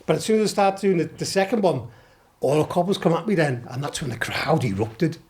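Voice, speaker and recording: In a relaxed, anecdote-filled chat, a middle-aged podcast guest with a Liverpool (Scouse) accent swears and laughs while rambling through his stories. He speaks briskly, with fairly high pitch, lively intonation and a darkish tone.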